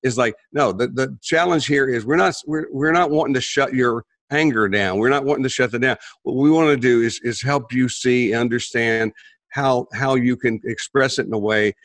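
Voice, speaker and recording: A man's voice: medium pitch, moderate pace, a bit bright, no echo. Guy talking in circles, lots of restarts, dead dry room. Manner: rambling, many restarts and repeated words. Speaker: therapist podcast co-host. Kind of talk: casual conversation.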